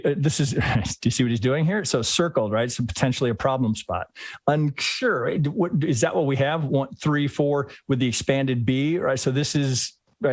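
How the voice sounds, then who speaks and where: A man's voice: medium pitch, slightly rough, dry recording. A man in the middle of his range, walking through a trading chart live. He thinks aloud, restarts his sentences and keeps checking in with "right?". The sound is dry and close, with no room in it. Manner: rambling, thinks aloud, tags lines with "right?"; frequent restarts and self-corrections. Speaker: trading instructor hosting a live chart review. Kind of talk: live screen-share chart analysis.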